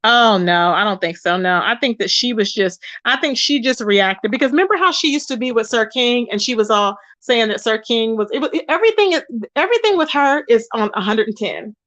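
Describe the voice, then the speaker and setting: Woman, live-stream host, animated gossip, reads chat aloud, slightly high voice, dry close sound. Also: a little fast, no room sound, muffled recording. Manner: animated and chatty, calls viewers "baby" and "child". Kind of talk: casual gossip commentary.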